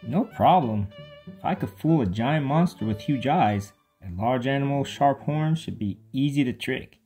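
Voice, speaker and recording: A narrator reading aloud as a small duck girl who puffs herself up with bold, boastful threats in a children's storybook. The voice stays mid-pitched and plain, with soft music faintly underneath. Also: lively intonation, moderate pace, natural voice.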